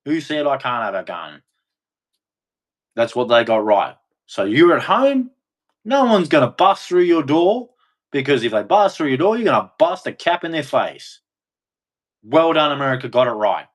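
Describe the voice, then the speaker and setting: A man's voice: mid-range voice, sing-song, normal speed, pauses often. A man giving an emphatic, repetitive monologue, swearing and acting out quoted voices as he goes. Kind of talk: ranting monologue.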